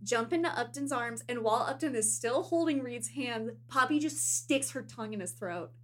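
A woman's voice: on the high side, animated, normal speed, a bit bright. A young woman co-hosting a podcast, chatting casually about a book with wry, blunt comments. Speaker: podcast co-host. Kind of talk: casual book discussion chat.

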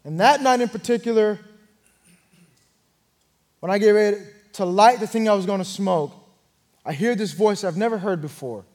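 A young man preaching an earnest sermon testimony, telling his story and swelling louder at key moments. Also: high-pitched, moderate pace, long pauses.

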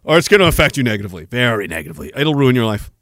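Profane, animated podcast ranter. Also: male voice, medium pitch, rapid-fire, slight background noise. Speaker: podcast host. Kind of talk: ranting political commentary.

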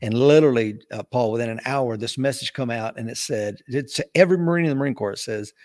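Guy telling old stories in an interview, acts out quotes, pretty lively. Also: medium pitch, quick pace. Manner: animated storyteller acting out quoted voices. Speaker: interview guest, retired Marine officer. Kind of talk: casual storytelling interview.

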